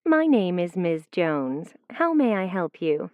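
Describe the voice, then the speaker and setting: A woman playing a courteous phone company clerk in a scripted exam dialogue, asking measured questions. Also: on the low side, sing-song, no echo. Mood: polite. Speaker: customer service clerk in a listening exam recording. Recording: dry muffled studio recording.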